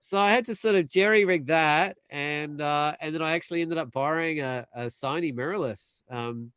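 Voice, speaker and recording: Young man, animated storyteller, tone on the higher side, dry and close-miked. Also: clean tone, no room sound. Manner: animated storyteller, acts out quoted voices, quick bursts. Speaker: panel guest. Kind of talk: casual storytelling.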